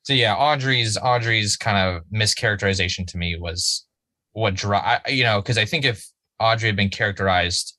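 A man's voice: lowish voice, moderate pace, dry recording. A man, casually and profanely talking through a TV episode as a podcast co-host, rambling with lots of "like"s. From Massachusetts. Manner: animated, profane, rambling with many "like"s. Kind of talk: casual chat reviewing a TV episode.

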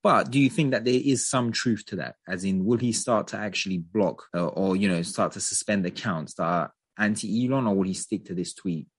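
A man co-hosting a podcast, chatting casually and giving animated opinions with plenty of hedging. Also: fairly low pitch, normal speed, few pauses, slightly rough, no room sound. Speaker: podcast co-host.

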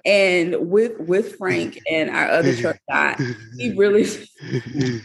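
A woman's voice: lowish voice, lively intonation, slow pace, creaky, crowd noise. A woman in casual conversation, speaking in a matter-of-fact way and clarifying points. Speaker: guest.

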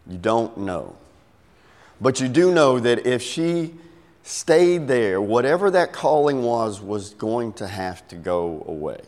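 A man's voice: medium pitch, animated, normal speed, darkish tone. A middle-aged man preaching a sermon, telling a story and acting out its voices with big swings. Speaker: pastor. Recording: long hall reverb.

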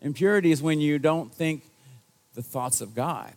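A man's voice: a little high, moderate pace, a little mellow. A male pastor giving a sermon to his congregation in a conversational, self-deprecating storytelling manner. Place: church service.

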